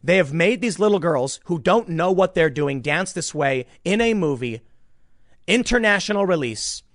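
Animated ranting male commentator. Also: high-pitched, normal speed, dry recording, clean studio sound. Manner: animated, emphatic, ranting with repeated restarts. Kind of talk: casual online commentary.

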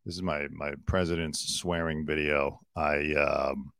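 A man's voice: a bass voice, fairly even intonation, slow pace, gravelly, fairly bright tone, dry recording, studio quality. A man hosting a casual celebrity news show, talking bluntly and sarcastically and swearing now and then.

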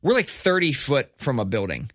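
Young guy, podcast host, casual swearing storyteller, dry close sound, mid pitch. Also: big pitch swings, normal speed, fairly bright tone, no echo. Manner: profane, laid-back, laughs through stories.

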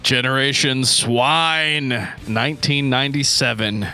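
A man's voice: medium pitch, steady tone, unhurried, bright, forceful tone. Dry joking podcast host, a man. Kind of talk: casual podcast chat.

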